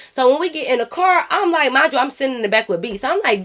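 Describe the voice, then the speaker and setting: A woman telling a story to her viewers in a casual vlog, animated and profane, calling them y'all. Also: sits high, quick pace, hardly any pauses. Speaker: YouTube storyteller.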